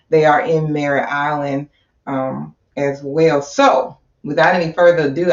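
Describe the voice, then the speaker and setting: An energetic woman hosts a livestreamed talk show, rallying her viewers and repeating phrases for emphasis. She sits well back from the microphone in an echoey room, and the sound is a little dull. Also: low voice, vocal fry, far from the mic. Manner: upbeat and animated, repeats herself for emphasis. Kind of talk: live-streamed talk show hosting.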